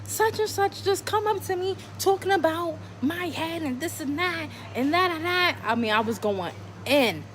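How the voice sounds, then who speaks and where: High-voiced woman, telling a profane story. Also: normal speed, a little hiss or hum. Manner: animated, profane, dramatic rhetorical questions. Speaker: vlogger telling a personal story. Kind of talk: casual storytime vlog.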